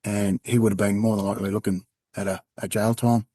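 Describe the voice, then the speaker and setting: Australian man, low voice, candid storytelling. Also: little pitch movement, warm tone, husky, dry recording. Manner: candid, halting, acts out quoted dialogue. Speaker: podcast guest, former undercover police officer. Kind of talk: personal storytelling in an interview.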